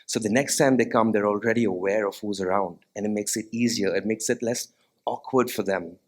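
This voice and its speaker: A man's voice: fairly low pitch, a little fast. A man, a music therapist, giving an earnest stage talk to a live audience, asking them questions now and then. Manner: sings short nursery melodies as demonstrations. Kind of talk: TEDx-style stage talk.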